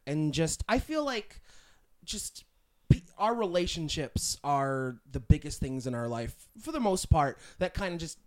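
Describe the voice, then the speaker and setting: Rambling young podcast host. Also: male voice, on the high side, big pitch swings, unhurried. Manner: rambling with many fillers and restarts. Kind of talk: casual interview chat.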